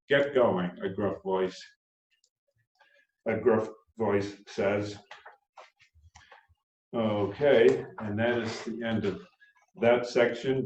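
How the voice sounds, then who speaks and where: A man's voice: on the low side, darkish tone. Man reading his novel aloud, from far off. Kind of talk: live reading of his own fiction. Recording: roomy, dull sound from far off.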